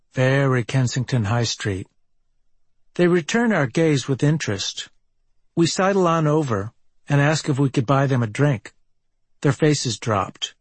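A man from Minneapolis reads his own travel memoir in a wry, deadpan manner. His voice sits at a middling pitch. The sound is dry and close, with no room echo. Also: breathy edge. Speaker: memoir narrator. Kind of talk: reading a personal travel memoir.

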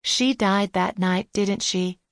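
A persistent, probing young woman, voiced by the audiobook narrator, asking question after question in a lifted, earnest voice. She holds steady and never lets the point drop. The sound is dry and close. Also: medium pitch, slow, no echo. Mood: insistent.

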